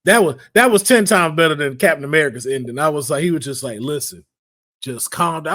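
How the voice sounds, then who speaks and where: A man hosting a casual podcast chat, talking in slangy, animated bursts and acting out quotes in playful voices. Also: fairly high pitch, fairly quick. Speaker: podcast host.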